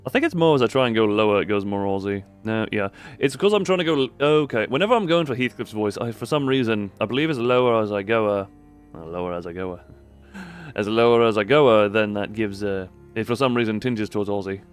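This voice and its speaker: A lively male streamer who jokes with chat and reads the game's lines aloud. His pitch swoops widely as he talks. Faint game music plays under his voice. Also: quick pace, clean tone. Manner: jokey and animated, trying out voices. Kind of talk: live game stream commentary and reading subtitles aloud.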